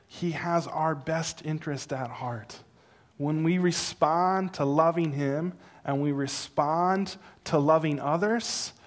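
A middle-aged man preaching a sermon, telling stories with animated, loud peaks and teaching in a slow, soft, earnest way. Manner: animated storytelling that builds to loud, high exclamations. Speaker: pastor.

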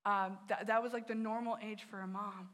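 A woman's voice: mid-range voice, level tone, a little fast, fairly bright tone. A woman youth director giving an earnest sermon, telling personal stories and speaking straight to the listeners.

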